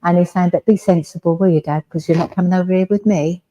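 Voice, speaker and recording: An English-accented medium talks quickly and steadily to her listeners in a village hall, gentle and comforting, with frequent "all right?" check-ins. Her warm, mellow voice sits a little low for a woman. There's slight background noise on a rough recording.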